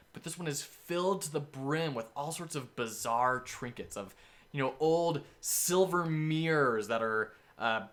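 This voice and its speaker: A man's voice: medium pitch, fairly bright tone. A man in casual game-prep talk, describing a scenario as game master with enthusiastic, rambling storytelling.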